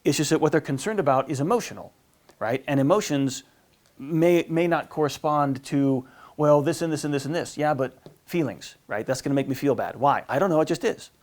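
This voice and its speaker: A man's voice: on the high side, fairly quick, darkish tone. A man giving a marriage class as a priest, talking informally with lots of fillers and restarts and acting out the voices he quotes. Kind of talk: informal teaching talk.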